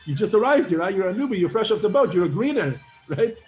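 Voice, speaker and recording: A man voicing a scoffing waiter who mocks a newcomer, speaking lower and dismissively. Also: very animated, quick pace, a little mellow. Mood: mocking. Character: gruff island waiter, a man.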